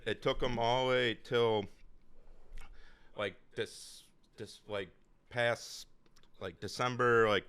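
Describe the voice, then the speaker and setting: A man's voice: mid-range voice, fairly bright tone, smooth. Rambling man telling stories. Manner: rambling, hesitant, many fillers. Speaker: podcast co-host. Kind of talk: casual chat, telling news stories.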